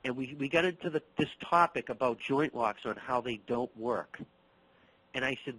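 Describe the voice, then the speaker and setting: In this low-quality recording, a middle-aged martial arts instructor from around Boston recounts stories for an interview at a moderate pace. He speaks at medium pitch, plays out the dialogue with lively energy, and tends to repeat words.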